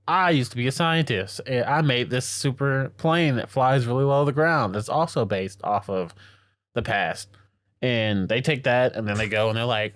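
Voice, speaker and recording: A man in casual podcast chat, telling a story with excited, slangy energy and popping into quick voices for each character. His voice sits at an ordinary middle pitch. The sound is dry and close, with no room around it. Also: no room sound. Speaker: podcast co-host. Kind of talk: casual anime recap chat.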